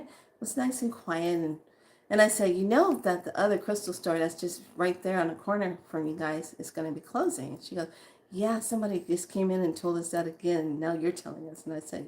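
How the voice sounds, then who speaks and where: A woman's voice: fairly low pitch, fairly quick. A woman chatting casually to her viewers, telling a long story and quoting the people she met. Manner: chatty, laughs often, quotes others in voices. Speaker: spiritual vlogger.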